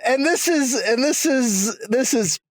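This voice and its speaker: A man co-hosting a podcast in casual chat, excitable and swearing freely, his pitch leaping up and down. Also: takes it slowly, no echo. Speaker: podcast co-host.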